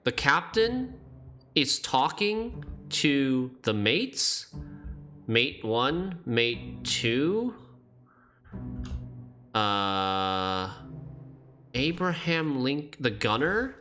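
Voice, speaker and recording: Bright-voiced man puzzling aloud. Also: medium pitch, big pitch swings, drawn-out words, long pauses, faint music behind. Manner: puzzling things out aloud, questioning himself. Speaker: game streamer. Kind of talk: thinking aloud while playing a game.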